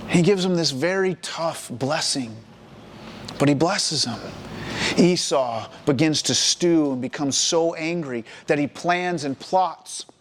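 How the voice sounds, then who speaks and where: High-pitched guy preaching, animated storyteller acting out the characters. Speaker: preacher at a college ministry. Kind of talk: sermon, retelling a scripture story.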